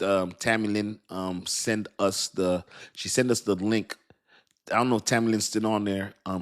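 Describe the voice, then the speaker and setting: A man hosting a casual livestream, talking in an animated, slangy way, laughing often and calling out to his chat. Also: on the low side. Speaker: crypto livestream host.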